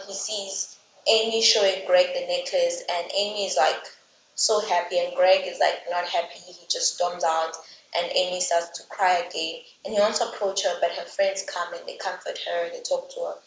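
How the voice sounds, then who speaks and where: A woman's voice: fairly low pitch, steady tone, normal speed, slight background noise. Woman book reviewer, casual vlog recap; chatty, filler-heavy, exasperated asides; roomy, slightly muffled recording.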